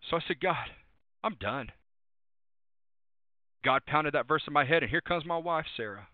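A man's voice: fairly high pitch, expressive, normal speed, dry recording. Emphatic preacher man on tinny line. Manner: emphatic, repeats refrains and cites verses. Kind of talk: sermon. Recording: tinny phone-like dry sound.

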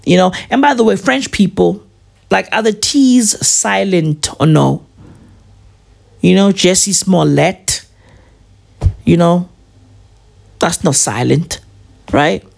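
A woman's voice: on the low side, creaky, darkish tone. A tired woman doing a profane, rambling comedic rant that keeps drifting off on tangents.

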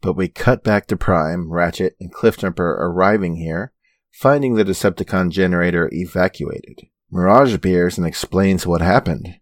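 A male podcast co-host recaps plot points in a low, steady voice with a dry sense of humor. His delivery stays even and matter-of-fact. The close mic gives little room sound. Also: normal speed, no room sound. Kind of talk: reading episode recap in casual chat.

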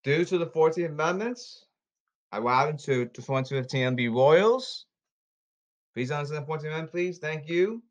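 A man's voice: fairly high pitch, animated. Man in a rambling, pleading monologue. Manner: repetitive, pleading, halting delivery. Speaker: podcaster. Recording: slightly dull lo-fi audio.

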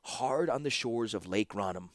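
A man voicing a cold, calculating warlord in an audiobook, speaking slowly and without expression. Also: on the low side, animated, dry recording, clean studio sound, lightly acted. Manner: expressionless, measured and slow. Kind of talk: audiobook character voice.

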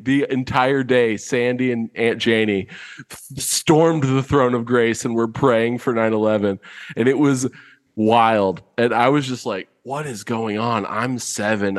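A podcast host in his late twenties with a fairly low voice. He chats casually and tells stories in a dry, wry manner, dropping in short laughs. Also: long reverb tail. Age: late 20s. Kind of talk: casual chat.

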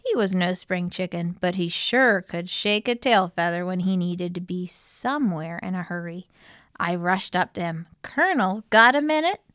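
A woman reading a children's storybook aloud with lively, playful, expressive narration. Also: on the low side, moderate pace, smooth, dry recording, clean studio sound. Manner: lively, playful pun-filled delivery. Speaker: storybook reader.

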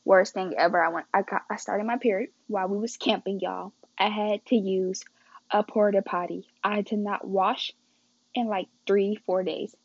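A woman's voice: medium pitch, fairly even intonation, normal speed, slightly rough, no echo, lo-fi sound. A teenage girl telling a casual storytime vlog, chatting straight to her viewers and calling them y'all and guys. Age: teens.

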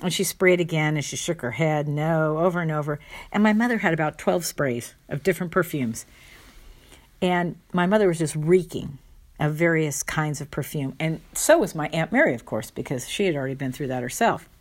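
A woman's voice: low voice, fairly quick. A woman telling a personal family anecdote with wry, fond humor and playful asides. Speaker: storyteller.

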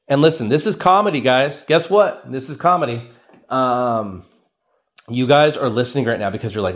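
Recorded through a cheap podcast mic, a young male host speaks briskly in a mid-range voice on his solo comedic storytelling show. He rambles animatedly, mocks himself and acts out people's quotes as he tells funny stories.

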